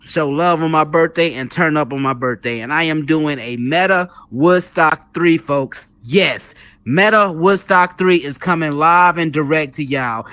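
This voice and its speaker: A young man hosts a live show in an animated, preacher-like monologue, calling out to his "folks" and repeating lines for weight. His voice sits a little high and he sounds a bit out of breath. The recording is dry, with no room echo. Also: clear, resonant tone. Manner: animated, repetitive, preacher-like emphasis, calls the audience "folks".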